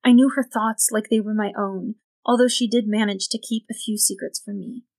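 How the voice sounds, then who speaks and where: A woman voicing a grave older woman who was once possessed, speaking in slow, grim warnings. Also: medium pitch, fairly even intonation, a little mellow, no room sound, lightly acted.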